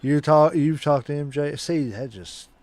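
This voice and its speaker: A man's voice: on the high side, unhurried, darkish tone, no echo. A man co-hosting a wrestling podcast, chiming in with chatty comments and asides. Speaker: podcast co-host. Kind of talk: casual podcast interview.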